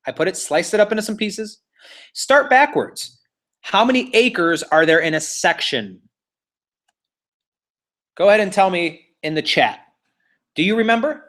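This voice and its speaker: Man, slightly high voice, exam prep instructor, jokey, encouraging, step-by-step explaining. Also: a bit bright. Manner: playful, teasing, encouraging; walks students step by step. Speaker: real estate exam instructor. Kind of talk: live online class lecture.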